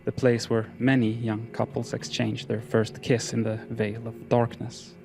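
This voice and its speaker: A man narrating horror fiction in a slow, measured, solemn delivery. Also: mid-range voice, monotone, vocal fry.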